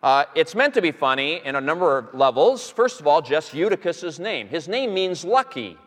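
A man teaching on a Bible passage to a live audience, telling it as an animated story with many fillers and restarts. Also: fairly high pitch, normal speed. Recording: long hall reverb.

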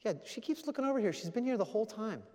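A man voicing an eager male friend and translator, hurried and insistent. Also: sits high, expressive, warm tone, voice pushed up. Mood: urgent. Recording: long hall reverb.

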